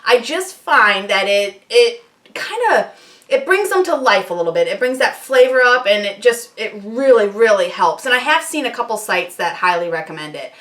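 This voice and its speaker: A woman's voice: a little high, animated, moderate pace, a bit bright, distant mic. Chatty woman demonstrating in her kitchen. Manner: chatty, upbeat, self-deprecating asides. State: slightly out of breath at times. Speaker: homesteading channel host. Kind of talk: casual how-to demonstration. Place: home kitchen.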